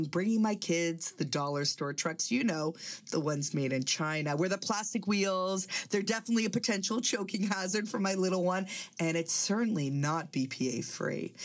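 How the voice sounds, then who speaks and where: A woman's voice: fairly low pitch, expressive, normal speed. A woman hosting a podcast with a comedic rant monologue, sarcastic and exasperated. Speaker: podcast host.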